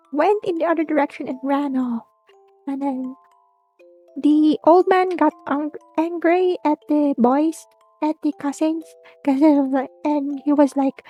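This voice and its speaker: A woman tells a spooky tale in a loose, rambling way, circling back and restarting often. Her voice is high and light, and she talks at a slow, drawn-out pace. Faint music plays quietly behind her. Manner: rambling, with many restarts and giggles. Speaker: streamer. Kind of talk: casual spooky storytelling.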